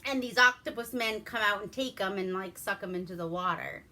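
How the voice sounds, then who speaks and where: A woman's voice: mid-range voice, brisk, bright, forceful tone. A woman from Alaska giving a rambling, profane, wry movie review in casual chat.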